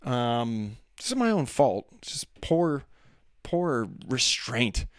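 A man's voice: medium pitch, sing-song, slow, dry recording. Man, casual monologue, self-deprecating, rambling, dry recording. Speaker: father talking about daily life.

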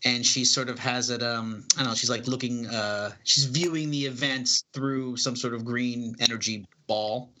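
A man's voice: medium pitch, steady tone, moderate pace, hardly any pauses, bright, forceful tone. A man casually reading through a comic book and describing its panels, hesitant and full of fillers. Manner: rambling, hesitant, many fillers.

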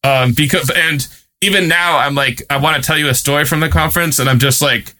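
A man's voice: a little high, a little fast, bright, forceful tone. A male reporter telling a story in a casual, chatty way, with many fillers and amused laughs. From United States. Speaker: guest reporter and author.

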